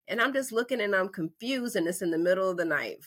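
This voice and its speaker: A woman in her forties from North Carolina, hosting a podcast and telling a story in a lively, conversational way, acting out the voices in her quotes. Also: mid-range voice, fast, slightly rough. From North Carolina, USA. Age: 40s. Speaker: podcast host. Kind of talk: casual storytelling monologue.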